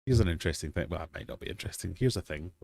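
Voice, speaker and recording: A man's voice: low-pitched, animated, racing, vocal fry, a little mellow. A Scottish man in his forties hosting a casual livestream quiz, bantering with chat in a jokey, self-deprecating way. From Scotland. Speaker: livestream host. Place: home fish room.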